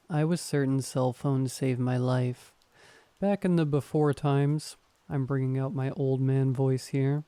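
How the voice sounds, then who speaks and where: A man calmly reading horror stories aloud as a scripted narration. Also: mid-range voice, clean tone, dry recording. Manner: calm, even reading.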